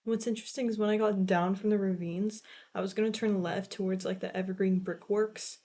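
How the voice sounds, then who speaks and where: A woman's voice: mid-range voice, fairly even intonation, brisk, mellow. A young woman in her late teens chatting casually in a vlog, rambling and swearing, with lots of "like" filler. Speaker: vlogger. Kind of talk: casual chat.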